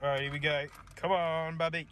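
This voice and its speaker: An excitable Australian man chatting on the spot while vlogging, calling everyone mate. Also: a little high, a little fast, noisy background. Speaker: video host.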